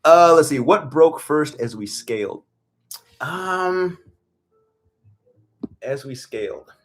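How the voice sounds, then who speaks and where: Farmer host, blunt and profane, animated pitch, loose livestream chat. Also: male voice, takes it slowly, a little hiss or hum. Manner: profane, blunt storytelling with laughs. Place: farm in Virginia.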